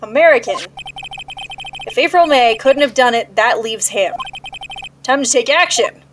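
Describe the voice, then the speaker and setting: A woman's voice: a little high, lively intonation, measured pace, background noise. A woman voicing a young male defense lawyer with dry, sarcastic remarks while reading a game aloud.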